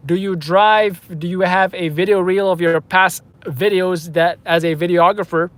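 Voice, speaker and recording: High-voiced man rambling on a live stream. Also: fairly even intonation, normal speed, a bit bright, dry recording. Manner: rambling, off-the-cuff, chatty. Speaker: host of a live news channel stream. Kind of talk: casual live-stream chat with viewers.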